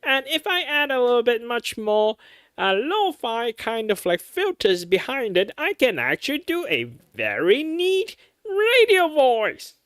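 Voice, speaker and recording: A streamer from Malaysia putting on the voice of an old-fashioned 1950s radio announcer, an old man, with loud, drawn-out, theatrical delivery. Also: mid-range voice, sing-song, no room sound, voice pushed up. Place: home streaming setup.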